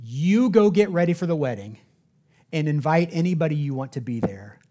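A man voicing a calm romantic young groom in a story told from the pulpit. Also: a little high, normal speed, natural voice.

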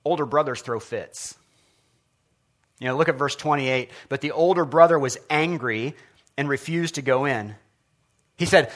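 A man preaching a sermon as pastor, earnest and expressive, often asking his listeners questions. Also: medium pitch, moderate pace, long pauses.

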